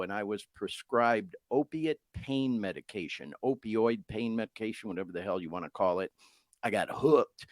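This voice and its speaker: A man's voice: medium pitch, dry recording. A man in his forties hosting a podcast, talking candidly and emotionally with lots of swearing and fillers. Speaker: podcast host. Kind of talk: casual live podcast monologue.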